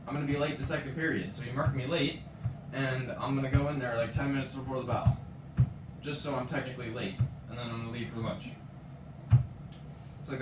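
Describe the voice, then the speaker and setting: A man's voice: medium pitch, heavy background noise. A teenage boy, streaming a frustrated, swear-filled rant about his school. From Canada. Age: teens. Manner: frustrated, swears often, retells scenes with quoted voices. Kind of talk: ranting casual stream chat. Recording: roomy echo, distant from mic.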